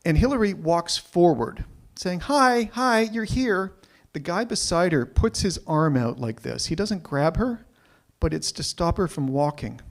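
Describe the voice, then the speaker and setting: A man telling a personal story live, animated and often repeating himself as he builds up. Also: fairly high pitch, moderate pace, vocal fry. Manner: animated, repeats words when excited.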